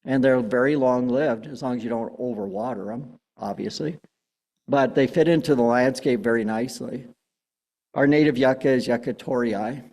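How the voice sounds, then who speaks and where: A man's voice: medium pitch, moderate pace, darkish tone. Chatty man giving a gardening talk in a hall. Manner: casual, chatty, many fillers and restarts. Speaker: plant talk presenter. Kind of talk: public gardening talk with slides. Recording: long hall reverb.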